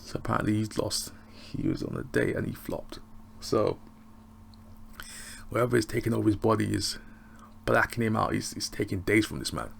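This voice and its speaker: A man giving a casual, rambling recap of a TV episode, excitable and often laughing. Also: on the low side, normal speed, vocal fry, long pauses, slight background noise. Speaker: TV show reviewer.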